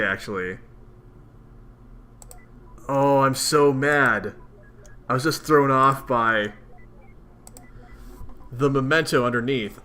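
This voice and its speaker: A man's voice: medium pitch, pushed and bright. Chatty young man playing a game. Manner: chatty, self-mocking. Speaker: let's play host. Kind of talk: casual game commentary.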